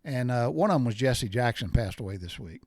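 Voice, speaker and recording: Ranting alone on his podcast, a middle-aged host speaks bluntly and repeats himself as he grows worked up over things that annoy him. His voice sits in the mid-range, expressive and a little mellow, coming a little fast in a studio-quality recording without room sound.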